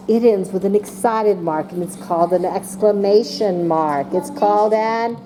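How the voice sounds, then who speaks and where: A woman teaching a class of young children, speaking slowly and patiently and calling on each child by name. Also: medium pitch, background noise. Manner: slow and patient, calling on children by name, voicing excited examples.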